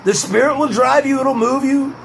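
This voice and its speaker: Young guy vlogging, high voice, goofy and chatty. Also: moderate pace, creaky, fairly bright tone, a little hiss or hum. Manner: playful, drifts into pep talk. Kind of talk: casual rambling monologue.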